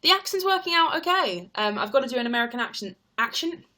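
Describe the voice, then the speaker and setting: High-pitched, quick, and pushed bright with big swings in pitch, this young woman rambles on her livestream, responding to viewers' comments and leaning heavily on "like." She's a stage actor as well as a streamer.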